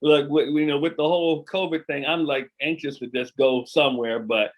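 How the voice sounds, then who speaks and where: Host, male, husky slightly high voice, excitable, repeats lines for emphasis. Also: moderate pace. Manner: energetic, repeats himself for emphasis, hypes the guest. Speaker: podcast host. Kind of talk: casual interview chat.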